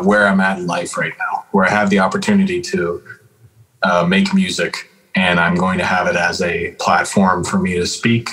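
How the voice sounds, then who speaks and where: A man's voice: low voice, fairly bright tone, rough recording. A man from Calgary co-hosting a casual hip-hop podcast, rambling through stories with lots of "like" and "dude". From Calgary, Canada. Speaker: podcast co-host and rapper. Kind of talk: casual chat.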